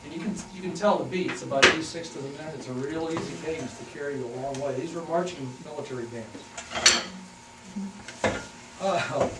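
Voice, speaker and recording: An older man giving a folksy talk to a local historical society, halting often with fillers as he reminisces. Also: a little high. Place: hall at a historical society meeting. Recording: echoey room, distant mic, noisy.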